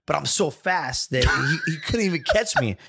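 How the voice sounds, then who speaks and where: An energetic man hosting a casual talk show. His voice sits a little high. He tells animated stories and acts out every line of dialogue with gusto. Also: normal speed, vocal fry, heavy background noise. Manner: excitable, energetic, acts out other people's lines. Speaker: barber and show host.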